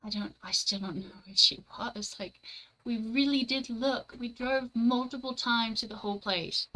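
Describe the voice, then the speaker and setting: A young woman streaming from home, chatting casually with her live chat, blunt and quick to swear and laugh. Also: a little high, sharp tone, low-quality recording.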